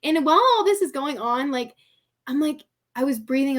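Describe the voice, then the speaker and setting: In a casual podcast conversation, a guest with a light, high voice tells a lively story fairly quickly. She laughs frequently, repeats "like" and "I'm like" over and over, and mimics the people she quotes with little voices.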